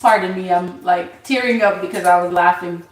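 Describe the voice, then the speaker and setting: A woman hosting a casual tarot livestream, reading viewers' names from the chat and answering them in an unhurried way. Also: fairly low pitch, steady tone, echoey room, recorded from a distance, poor audio. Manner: unhurried, reads chat names aloud, laughs easily.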